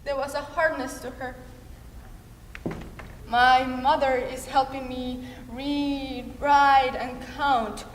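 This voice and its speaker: A woman's voice: high-pitched, little pitch movement, noisy background. Teenage girl in a dramatic monologue. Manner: intense, halting, emotional delivery. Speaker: student performer. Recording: echoey hall, faint ambience.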